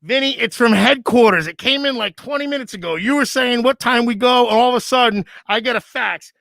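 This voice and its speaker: A man's voice: very high voice, brisk, vocal fry, fairly bright tone, no room sound, clean studio sound. A man co-hosting a casual podcast, joking and rambling as he riffs on a bit, often stopping to restart his sentences. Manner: joking, rambling, self-interrupting. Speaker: co-host.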